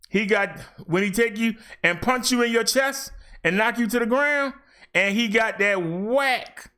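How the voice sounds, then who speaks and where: A middle-aged man with a high voice hosts a wrestling review show. He rants bluntly and animatedly, trash-talking as he goes.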